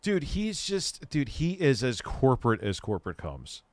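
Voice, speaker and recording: Man, forties, host, mid-pitched voice, dry close sound, crude rambling jokes, stammers. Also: big pitch swings, moderate pace, dry recording. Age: 40s. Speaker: show host. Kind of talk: casual chat.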